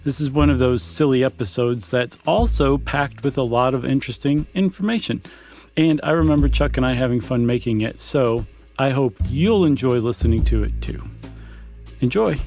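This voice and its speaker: A man's voice: mid-range voice, moderate pace, darkish tone, soft background music. A man co-hosting a podcast, chatting casually and joking around with his co-host. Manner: chatty, joking, laughs often. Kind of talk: casual chat. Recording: dry close studio sound.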